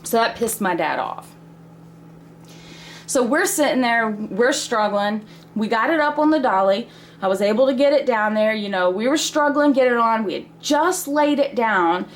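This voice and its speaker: A woman's voice: fairly high pitch, animated, normal speed, a little hiss or hum. Chatty woman in her thirties telling a story. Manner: chatty, laughs between lines. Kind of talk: casual spoken storytelling.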